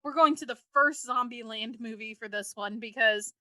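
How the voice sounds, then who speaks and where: A woman co-hosting a podcast, telling stories in an animated, casual way. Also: on the high side, normal speed, no echo. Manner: animated storyteller. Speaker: podcast co-host.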